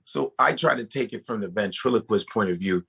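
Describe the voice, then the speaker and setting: A comedian talking casually as a guest, animated and profane, often restarting his sentences. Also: on the low side, fairly quick, gravelly, slightly rough. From United States. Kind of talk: casual podcast conversation.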